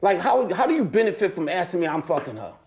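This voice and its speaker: An American man, appearing as an interview guest, talks fast in casual conversation. He's animated and full of slang, and his voice leaps up high whenever he gets excited.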